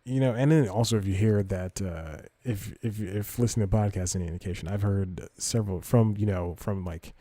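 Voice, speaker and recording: A man with a low, mellow voice talks through the news in an offhand podcast style. He wanders and corrects himself as he goes, then reads articles aloud. The sound is dry and close to the mic. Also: fairly quick, hardly any pauses, dry recording. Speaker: podcast host. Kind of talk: casual podcast commentary.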